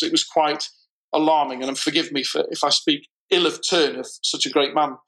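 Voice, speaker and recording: Guy telling a story, bit high-pitched, slows down hard on the key bits. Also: fairly bright tone, low-quality recording. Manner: storytelling, deliberate, slows for emphasis. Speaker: guest. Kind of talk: casual conversation.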